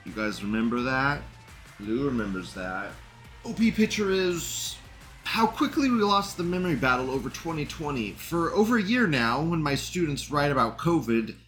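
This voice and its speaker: A man's voice: mid-range voice, fairly bright tone. A man hosting a live stream, reading chat comments aloud and commenting in a rambling, indignant way, swearing and laughing often.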